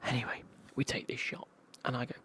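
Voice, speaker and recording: A man from England with an English accent, telling a casual travel story in a whispered ASMR style, in a husky whisper with slang. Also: brisk, sharp tone, slight background noise. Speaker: ASMR creator.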